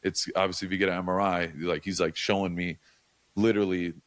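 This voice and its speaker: A man's voice: low-pitched, little pitch movement, fast. A young man talking casually as a podcast guest, swearing often and filling his talk with likes and restarts. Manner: loose, profane, many likes and restarts. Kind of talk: casual storytelling chat.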